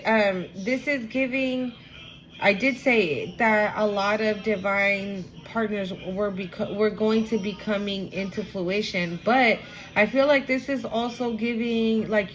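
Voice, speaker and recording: A woman's voice: medium pitch, a bit bright, poor audio. A woman giving a casual, emotional spiritual card reading to her viewers, repeating herself and swearing now and then. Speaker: tarot reader.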